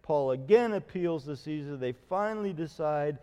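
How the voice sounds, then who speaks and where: A middle-aged man preaching a sermon as a pastor, telling stories with lively acted-out quotes. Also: a little high, moderate pace, clear, resonant tone, long reverb tail. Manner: storytelling, animated retelling with acted quotes.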